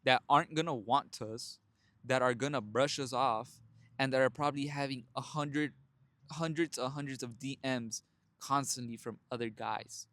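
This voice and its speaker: A man's voice: mid-range voice, normal speed, dry recording. Blunt, profane young man preaching. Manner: blunt and profane, addresses listeners as brothers; animated storytelling with frequent laughs. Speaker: self-help vlogger. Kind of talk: casual motivational monologue.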